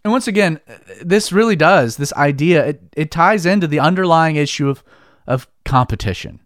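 Lively high-voiced man preaching casually. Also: moderate pace, no room sound, clean studio sound. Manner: conversational, heavy use of "like", frequent restarts. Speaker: Christian preacher. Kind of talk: casual devotional teaching.

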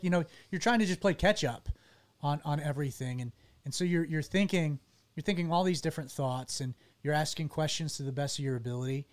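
A man telling a personal story to his interviewers in an earnest, halting way, often restarting his sentences. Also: fairly high pitch.

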